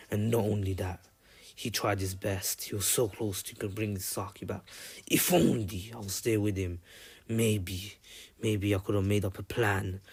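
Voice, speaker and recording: A man's voice: lowish voice, slightly rough. A man voicing a frustrated young male ninja who worries about his friend and swears in exasperation.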